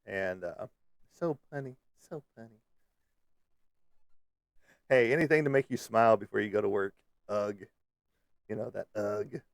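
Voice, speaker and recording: A man's voice: fairly low pitch, steady tone, normal speed, vocal fry, dry recording, studio quality. A man hosting a live stream, chatting casually with viewers in a rambling, joking way with lots of fillers. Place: Kansas City area.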